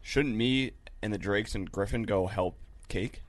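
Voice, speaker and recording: A man's voice: fairly low pitch, unhurried, dry recording. A man playing a tabletop game, joking and wisecracking with the group. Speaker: player. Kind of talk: casual chat.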